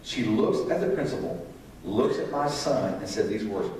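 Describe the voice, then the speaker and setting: A man's voice: lowish voice, expressive, normal speed, a little mellow. A middle-aged preacher talks through a sermon in a plain, conversational way and keeps asking his listeners questions. His voice carries through a very echoey sanctuary from well off the mic, with a faint hum of room noise behind him. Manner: conversational, asks the congregation questions. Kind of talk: sermon on parenting. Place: church sanctuary. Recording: echoey hall, distant mic.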